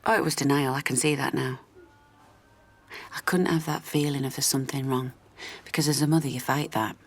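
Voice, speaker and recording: An actress playing a worn-down, loving mother of an autistic boy, speaking in a halting, confessional way that often drops to a near whisper. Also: a bass voice, steady tone. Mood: reflective. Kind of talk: radio drama monologue.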